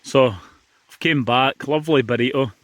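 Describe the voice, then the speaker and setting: A Scottish vlogger chats casually to viewers, calling them guys, while wild camping on a beach. His mid-range voice is steady in tone and normal in speed, and there's no room sound.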